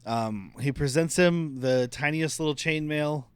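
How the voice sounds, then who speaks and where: A man's voice: fairly high pitch, unhurried, smooth, dry recording. A man co-hosting a casual podcast, recapping scenes loosely and laughing often. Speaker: podcast co-host.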